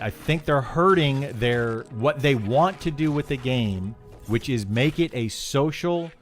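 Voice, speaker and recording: A man live-streaming and answering chat, frank and opinionated, often restarting his sentences when heated. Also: mid-range voice. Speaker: game streamer.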